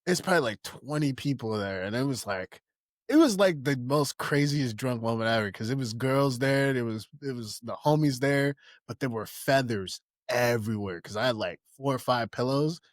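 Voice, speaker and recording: A young man co-hosting a podcast, telling rowdy stories in casual chat and breaking into high-pitched impressions of friends. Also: moderate pace, dry recording, studio quality. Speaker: podcast co-host.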